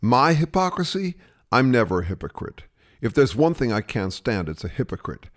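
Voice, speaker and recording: A man playing a smug, hypocritical bully who brushes off every charge and turns it back on the other person. His pitch swings widely as he blusters and lectures, sure he is always right. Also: animated, fairly quick, close to an everyday voice. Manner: blustering, dismissive, self-righteous. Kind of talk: satirical two-man sketch dialogue.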